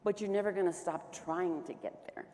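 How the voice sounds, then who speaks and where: A woman's voice: fairly low pitch, moderate pace, dark tone. A woman governor speaking on a panel, telling stories in a chatty way with many fillers. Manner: chatty, storytelling with frequent fillers. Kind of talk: panel discussion. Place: conference stage. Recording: hall reverb.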